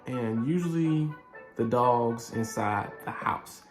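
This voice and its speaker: Gravelly man telling a story in casual slang. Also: medium pitch, slow. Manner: animated, slangy, acts out scenes. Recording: echoey room with faint music.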